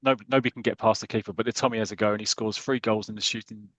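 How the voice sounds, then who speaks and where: A British man on a podcast, casually retelling a football comic story with lots of fillers and quick voices for the characters. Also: lowish voice, fairly even intonation, fairly bright tone, dry recording. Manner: reads comic dialogue aloud in light voices, hesitant fillers. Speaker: podcast co-host.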